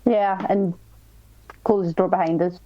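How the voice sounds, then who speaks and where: A woman's voice: mid-range voice, steady tone, unhurried, no room sound, muffled recording. A woman playing a tabletop game, asking rules questions. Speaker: player. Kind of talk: casual tabletop play.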